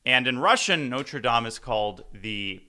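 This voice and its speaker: A man's voice: mid-range voice, expressive, a little slow, sharp tone. A man commentating on chess in casual live talk, playful and rambling, telling jokes and stories.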